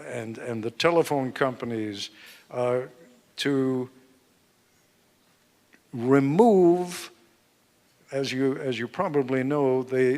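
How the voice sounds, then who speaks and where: A man, an author being interviewed at a live book event, explaining points in a measured, emphatic way. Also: medium pitch. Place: event hall with live audience. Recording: long hall reverb.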